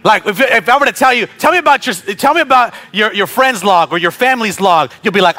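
A male pastor preaching a sermon, talking conversationally with humorous asides to the congregation and building to shouted prayers. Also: sits high, animated, fast, few pauses, a faint crowd.

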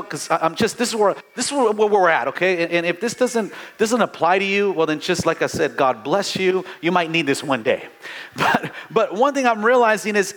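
A man's voice: high-pitched, fairly bright tone. A middle-aged man, a pastor, preaching a fervent sermon in a church, calling out to the congregation and restarting his phrases. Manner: fervent, call-and-response preaching with many restarts.

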